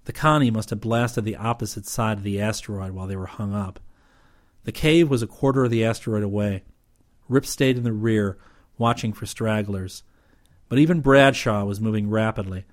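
Guy reading a sci-fi audiobook, lowish voice, steady even storytelling. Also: moderate pace. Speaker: narrator. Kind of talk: audiobook narration.

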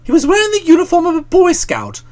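Lively, wry woman reading a comic story. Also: extremely high pitch, quick pace. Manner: wry, theatrical, mock-pompous. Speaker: audiobook narrator. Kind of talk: first-person comic audiobook narration.

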